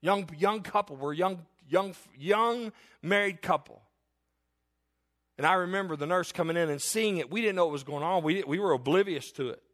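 Earnest preaching man, hushed to loud. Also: high voice, normal speed. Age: middle-aged. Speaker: pastor. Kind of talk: sermon with personal story.

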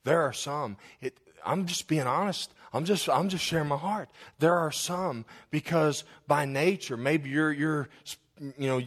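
A man preaching a sermon as pastor, praying aloud with passion and swinging between loud cries and hushed whispers. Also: a little high, unhurried, few pauses. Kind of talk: sermon with spoken prayer.

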